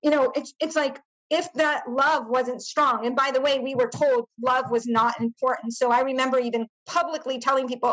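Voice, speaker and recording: A woman's voice: sits high, steady tone, moderate pace, a bit bright, rough recording. A woman from the United States, a podcast guest telling her own story in an earnest, searching way, with many fillers and restarts. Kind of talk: personal storytelling in an interview.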